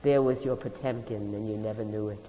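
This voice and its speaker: A woman voicing a fervent, tearful old male communist mentor who lectures and shouts in a storybook reading. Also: very deep voice, fairly even intonation, a little fast, long reverb tail, a little hiss or hum, low-quality recording. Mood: sad. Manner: shouting, preachy, sweeping speech.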